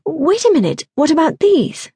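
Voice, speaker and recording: A woman's voice: sits high, very animated, moderate pace, warm tone, no echo, studio quality, voice pushed up. A woman reading a flustered young woman. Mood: coaxing. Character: harried young woman serving at a party, polite but strained. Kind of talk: audiobook narration.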